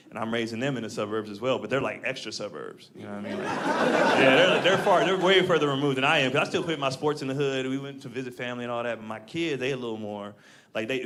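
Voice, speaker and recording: A stand-up comedian from Los Angeles, a man telling animated stories on a club stage through a handheld mic. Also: mid-range voice. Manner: animated storytelling with voiced characters. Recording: live audience laughing.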